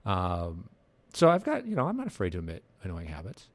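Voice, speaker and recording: Animated low-voiced man hosting. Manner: animated, quick to laugh and jump into put-on voices. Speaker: podcast host. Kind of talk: casual podcast chat.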